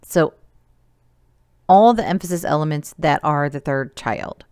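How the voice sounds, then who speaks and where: A woman teacher walks through a remote coding lesson slowly and patiently, counting things out step by step. Her voice sits low, smooth and clear. It is recorded dry and close, with no room echo. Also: expressive, mellow.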